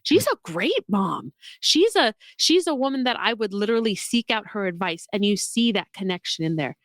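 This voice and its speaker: A woman co-hosting a podcast, talking about a film in an animated, emotional, gushing way. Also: mid-range voice, normal speed, dry recording, studio quality. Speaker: podcast co-host. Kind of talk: casual film discussion.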